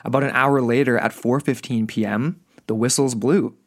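A man's voice: medium pitch, fairly even intonation, moderate pace. A young adult man co-hosting a casual history podcast, laid-back and full of "like" and "you know", given to exclamations. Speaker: podcast co-host.

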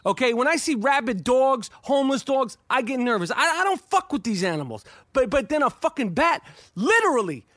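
High-voiced, profane New man. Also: a little fast, no room sound, clean studio sound. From New York. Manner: profane, excitable, stammering restarts. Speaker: podcast host. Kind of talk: casual storytelling.

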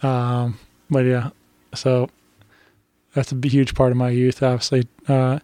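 A man with an ordinary mid-range voice hosts a relaxed podcast chat. He rambles and circles back, agreeing readily with his guest, and his voice sounds dry and close to the mic. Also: mid-range voice, dry recording. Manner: rambling, many fillers and restarts, quick to agree. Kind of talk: casual chat.

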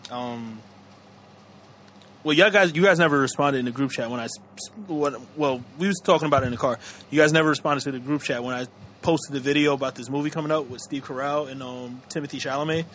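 A man's voice: mid-range voice, fast talker, a bit bright, slight background noise. A man co-hosting a podcast, rambling in casual slangy chat and laughing often. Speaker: podcast co-host.

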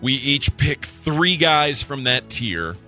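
A man's voice: medium pitch, sing-song, slow, sharp tone, faint music behind. A man co-hosting a sports radio show, easygoing and thinking aloud in casual chat. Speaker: co-host.

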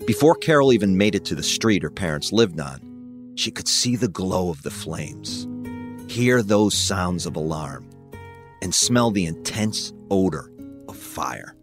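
Very deep-voiced male narrator. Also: music in the background. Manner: measured, even storytelling. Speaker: documentary narrator. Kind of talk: scripted narration.

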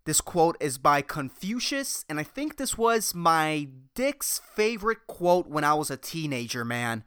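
A man's voice: fairly high pitch, big pitch swings, unhurried, fairly bright tone, clear, resonant tone, no room sound. A man hosting a solo podcast, rambling and ranting with lots of profanity. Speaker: podcast host. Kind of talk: casual solo podcast monologue.

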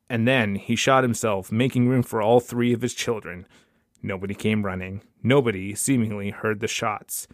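A man reading a short story aloud for his podcast, lifting his voice for the dialogue and dropping low for the narration tags. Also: fairly even intonation, moderate pace, no echo, clean studio sound. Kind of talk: audiobook-style story reading.

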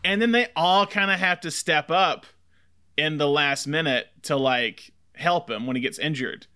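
A man's voice: on the high side, a little slow, bright, forceful tone, smooth. A man co-hosting a casual film podcast, talking enthusiastically in long rambling stretches full of fillers. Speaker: podcast co-host.

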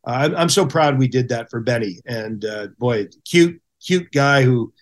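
There's a little hiss or hum behind this man's medium-pitched, unhurried voice. He's a middle-aged ex-hockey goaltender guesting on a podcast, spinning casual stories and animatedly performing the quotes of the people in them.

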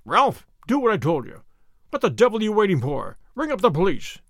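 A man's voice: high voice, huge pitch swings, brisk, no echo, clean studio sound, heavily acted. A man playing a furious old colonel. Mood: commanding. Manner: blustering, shouting threats. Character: furious old male army colonel, bristling. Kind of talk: audiobook character reading.

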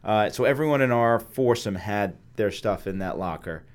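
A man with a lower-pitched voice tells a story in a relaxed podcast chat. He talks animatedly and slips into the voices of the people he quotes. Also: moderate pace, clean tone. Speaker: host.

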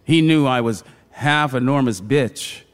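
A man voicing a distraught woman in a read-aloud story, speaking with shrill, bitter desperation. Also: a little slow, smooth, faint music behind, close to an everyday voice. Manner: shrill, pleading.

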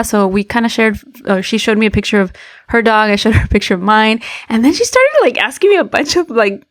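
A woman's voice: fairly high pitch, fast. A woman in her thirties co-hosting a casual chat show, telling stories and mixing English and Spanish. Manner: chatty storyteller, code-switches between English and Spanish. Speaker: podcast co-host.

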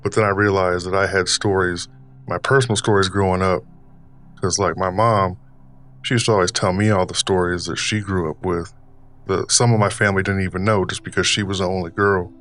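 Male podcast host, deep low register, put-on older Southern drawl, loose rambling storyteller. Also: steady tone, a bit bright, soft background music. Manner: deliberately puts on an older man's voice; rambling, filler-heavy, unhurried delivery. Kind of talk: casual storytelling monologue.

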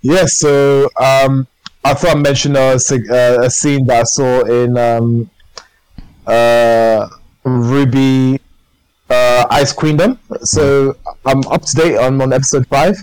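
A man's voice: mid-range voice, fairly even intonation, slow, darkish tone, smooth, no room sound, poor audio. A man co-hosting a podcast, chatting casually and enthusiastically in a rambling way. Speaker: podcast co-host. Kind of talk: casual chat.

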